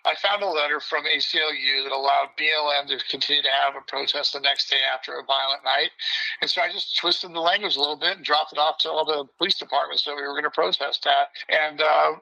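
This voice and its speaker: An older man telling stories as a podcast guest in a brash, animated way, often mimicking other people. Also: fairly high pitch, fast, vocal fry, dull audio. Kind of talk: casual storytelling interview.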